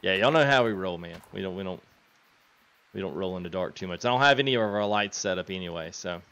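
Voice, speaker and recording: Lively man streaming a game. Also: low voice, fast talker, clean tone, muffled recording. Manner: casual drawl, reads chat, laughs often. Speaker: gaming streamer. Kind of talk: live stream chat while playing.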